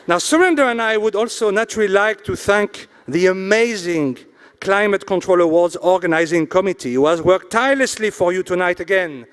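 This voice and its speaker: A man hosting an awards ceremony in a hotel event hall. He reads out sponsors slowly and drops jokes between them. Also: high voice, lively intonation, clear, resonant tone, some chatter behind. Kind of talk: emcee announcing and joking on stage.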